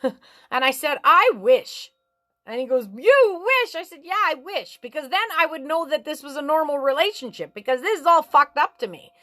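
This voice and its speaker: A woman's voice: normal speed, no room sound. Frank rambling woman, dry close sound. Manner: frank, rambling, swears freely, voice rises high when animated. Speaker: vlogger giving life advice. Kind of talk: casual spiritual chat.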